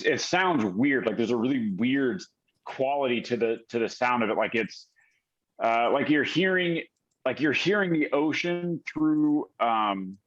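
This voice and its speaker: Slow, hesitant male game master. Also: mid-range voice, dull audio. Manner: hesitant, many fillers and restarts. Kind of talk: narrating a tabletop game.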